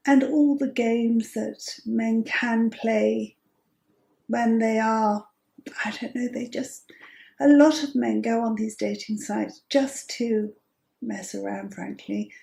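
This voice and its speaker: A woman in her fifties telling a personal story as host, chatty and amused, with breathy asides. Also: a little high, warm tone, roomy sound. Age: 50s.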